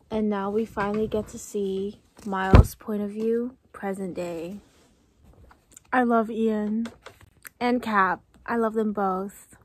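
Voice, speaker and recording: Excitable high-voiced young woman vlogger. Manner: excitable, gushing reactions to a novel. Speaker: book vlogger. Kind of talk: casual reading vlog reactions.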